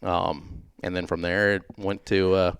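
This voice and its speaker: A man's voice: deep voice, flat delivery, a little slow, smooth, no echo, studio quality. A man in his late thirties, a podcast guest, telling a long story in a laid-back, rambling way with many fillers. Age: late 30s. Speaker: podcast guest, former racer. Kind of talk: casual interview storytelling.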